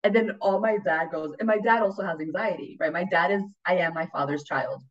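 A woman hosting a podcast, telling stories in a lively, casual way. She acts out quoted voices and swears freely. The audio sounds a little dull. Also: lowish voice, brisk. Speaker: podcast host. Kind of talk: casual storytelling chat.

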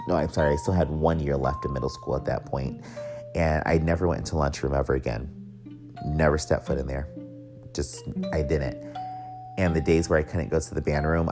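A young man telling a personal story in a candid, profane way, with wry joking asides. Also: a bass voice.

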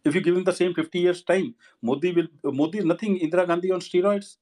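Male host, slightly high voice, argumentative, drives points home with rhetorical questions and repeated restarts. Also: steady tone, fast talker, darkish tone. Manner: fires rhetorical questions and answers them himself; repeats and restarts words often. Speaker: host of an online audio discussion. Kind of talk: argumentative explanatory talk. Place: online voice chat room.

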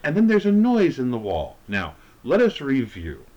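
A man's voice: medium pitch, huge pitch swings, normal speed, a little mellow, highs cut off. A man co-hosting a casual podcast chat, recapping a TV episode and acting out the characters' lines in jokey voices. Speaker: podcast co-host.

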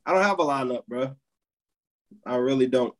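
A man's voice: medium pitch, normal speed. A man co-hosting a casual podcast, teasing his friends in a playful way. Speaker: podcast co-host. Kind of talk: casual chat.

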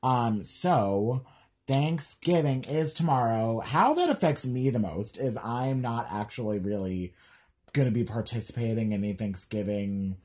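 A man's voice: medium pitch, expressive, a little slow, a little mellow. An American man co-hosting a podcast, chatting casually and rambling with lots of "like" and restarts. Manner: rambling, full of "like" and trailing restarts. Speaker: podcast co-host. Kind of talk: casual chat.

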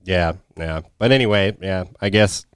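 A man's voice: deep voice, normal speed, clear, resonant tone, no echo, studio quality. A man co-hosting a podcast in casual, profane, wisecracking chat. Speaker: podcast co-host.

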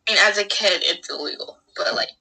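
Young woman on a chat podcast, super bright sharp voice, sarcastic rants. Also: mid-range voice, vocal fry, breathy edge, low-quality recording. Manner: quick, sarcastic ranting. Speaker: podcast co-host. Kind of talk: casual chat.

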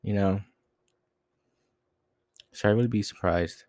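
Profane ranting young man, low dry voice. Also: unhurried, a little mellow, dry recording. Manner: profane, agitated, rambling with frequent "dude". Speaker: podcast host. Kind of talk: solo rant.

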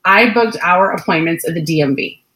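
A young woman co-hosting a podcast tells a story in casual chat, animated and swearing freely as she acts out what people said. Her fairly low voice moves fairly quickly, and the room has a roomy echo.

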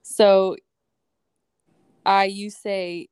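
A woman co-hosts a casual chat, bubbly and quick to laugh at herself. Her pitch is ordinary and middle. The recording is dry and close-miked. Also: flat delivery, darkish tone, clean tone, dry recording. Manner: bubbly, laughs often, self-deprecating. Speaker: podcast co-host. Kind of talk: casual chat, telling anecdotes.

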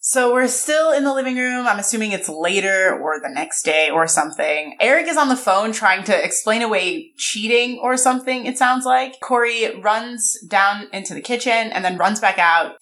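A young woman co-hosting a podcast, animatedly recapping a TV episode and quoting the characters in a lowered voice. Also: lively intonation, moderate pace, hardly any pauses, fairly bright tone. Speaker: podcast co-host. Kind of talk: casual recap chat.

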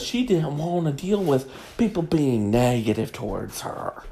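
A woman's voice: low-pitched, expressive, measured pace, few pauses, dark tone, slight background noise. A woman host giving a crude comedic monologue, snarky and gossipy.

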